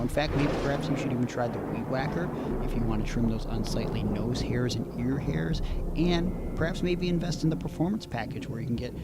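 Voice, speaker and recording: A man co-hosting a podcast, chatting casually and reading an ad in a joking, playful way. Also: mid-range voice. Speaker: podcast co-host. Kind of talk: casual podcast chat and ad read.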